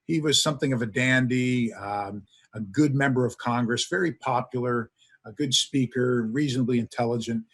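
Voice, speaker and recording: Man, history professor, husky voice, lecture delivery, enthusiastic storyteller, lots of filler sounds. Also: medium pitch, normal speed, a bit bright. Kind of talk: lecture to an audience.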